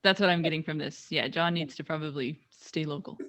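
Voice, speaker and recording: A woman co-hosting a casual chat, playful and quick to join in. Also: deep voice, a bit bright. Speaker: co-host.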